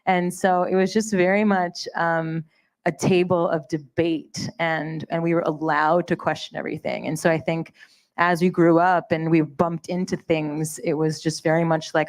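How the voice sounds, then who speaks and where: A woman's voice: deep voice, little pitch movement, moderate pace. A woman from Canada speaking on a conference panel, bubbly and rambling, laughing often. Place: conference stage.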